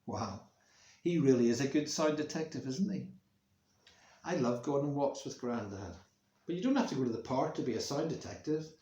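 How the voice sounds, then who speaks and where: A male music teacher reading a story to schoolchildren, acting out the sounds with expression, recorded in a room at home. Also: mid-range voice. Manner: slow, expressive, making sound effects for kids. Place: room at home near a main road, window open. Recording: roomy echo.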